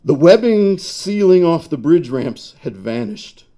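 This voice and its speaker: Brief: male author, slow deliberate reading voice, dark mellow tone, live reading. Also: fairly high pitch, sing-song. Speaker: author reading his fiction. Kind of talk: reading a story aloud. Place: bar reading event.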